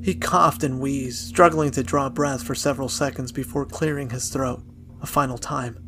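A man narrating a dark family story in a measured, somber storytelling manner. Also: mid-range voice, steady tone, noisy background. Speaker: narrator, podcast host.

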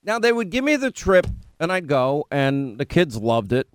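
A man's voice: a little high, big pitch swings, moderate pace, no room sound. A middle-aged man hosting a radio show, telling rambling stories with lots of restarts in casual banter. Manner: rambling, self-interrupting storyteller. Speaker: radio host.

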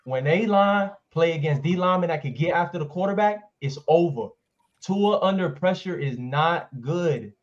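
A man's voice: on the high side, animated, normal speed. A man on a football debate panel, talking in a blunt, insistent way. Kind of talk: heated sports debate. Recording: dull lo-fi mic with faint noise.

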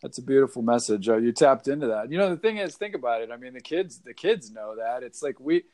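A man's voice: medium pitch, expressive, fast, a little mellow. A man hosting a casual interview, reflecting thoughtfully and often affirming his guest. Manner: reflective, agreeable, many short affirmations. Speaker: host.

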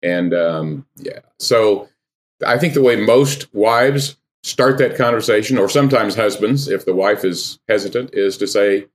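An older man talking as a podcast guest, giving advice in an animated, conversational way. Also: lowish voice, measured pace.

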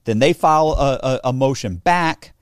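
A man's voice: mid-range voice, normal speed, smooth, dry recording, studio quality. A man recounting a long personal story in an interview, with frequent restarts and self-corrections. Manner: animated anecdote-telling, mimics others in dialogue. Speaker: interview guest. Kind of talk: casual storytelling.

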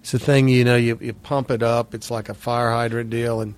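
A man's voice: medium pitch, flat delivery, fairly quick, clean tone. A middle-aged male actor, a guest on the show, telling career stories in a casual, conversational way and often stammering over repeated words.

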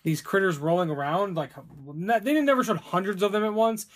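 A man's voice: sits high, brisk. A man co-hosting a casual podcast, rambling through a movie recap with laughs and crude jokes. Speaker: podcast co-host. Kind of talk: casual movie discussion chat.

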